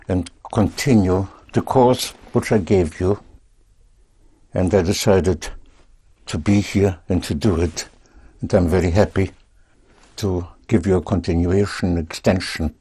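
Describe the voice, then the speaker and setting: A man teaching a language lesson, speaking patiently and deliberately in short phrases. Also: low voice, steady tone, mellow, breathy edge.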